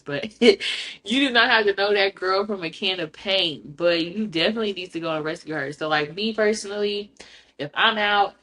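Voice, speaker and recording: A woman hosting a podcast in casual chat, blunt, profane and outspoken, telling stories with animation. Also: fairly low pitch. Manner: animated storyteller. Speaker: podcast host.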